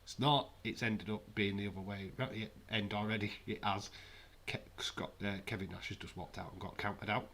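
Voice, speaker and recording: A man's voice: on the low side, steady tone, moderate pace, few pauses, a bit bright, a little hiss or hum. A man hosting a live wrestling watch-along, chatting casually with sarcastic, rambling asides.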